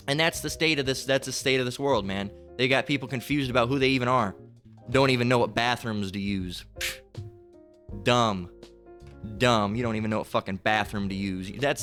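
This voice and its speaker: A man's voice: mid-range voice, a bit bright. A man preaching a heated, profane sermon, ranting, repeating himself and firing off rhetorical questions between scripture readings.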